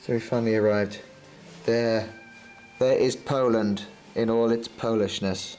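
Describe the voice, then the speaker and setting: A man's voice: on the low side, steady tone, measured pace, a little mellow, soft background music. A man filming his own holiday video diary, keeping up a wry, sarcastic running commentary from behind the camera. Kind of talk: casual camcorder video diary narration. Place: bus, hotel room and streets on a trip. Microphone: built-in camcorder mic, behind the camera.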